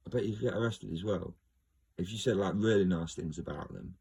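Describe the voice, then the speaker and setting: A man's voice: low-pitched, fairly quick, creaky, a little mellow, husky. A man talking in a casual, rambling monologue, joking, laughing often and trailing off mid-sentence. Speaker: video host.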